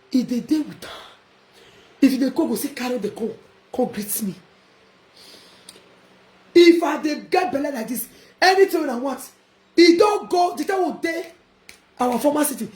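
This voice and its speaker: A woman with a high voice and a Nigerian Pidgin accent rants defiantly on a live video. Her voice carries an echo from the room around her. She laughs and shouts as she talks. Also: expressive, normal speed. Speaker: vlogger. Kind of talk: casual live-video rant.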